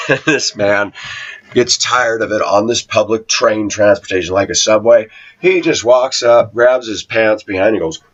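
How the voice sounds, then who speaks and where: A man's voice: fairly low pitch, fairly bright tone, muffled recording. A middle-aged man giving a casual preaching monologue, telling stories, asking rhetorical questions and laughing often. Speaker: online Christian commentator.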